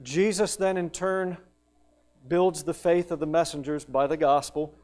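A man preaching a sermon, emphatic, rising to loud peaks and dropping to hushed questions. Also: a little high, steady tone. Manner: slow, drawn-out delivery on lists.

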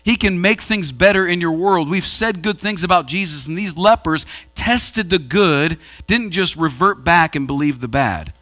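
A pastor preaching a sermon in a church auditorium, swinging between raised and hushed delivery. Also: male voice, fairly high pitch, moderate pace, few pauses.

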